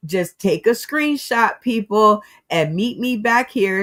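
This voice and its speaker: A woman's voice: mid-range voice, expressive, takes it slowly, few pauses, fairly bright tone. A woman hosting a casual commentary show, giving her opinions on the news and speaking straight to her audience. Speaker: host.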